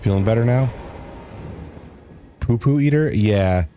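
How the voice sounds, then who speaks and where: A man's voice: mid-range voice, unhurried, warm tone, a little hiss or hum. A man streaming a game, chatting casually and joking, at times hamming up a bro voice. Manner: joking, slips into a mock bro voice. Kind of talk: casual gameplay commentary.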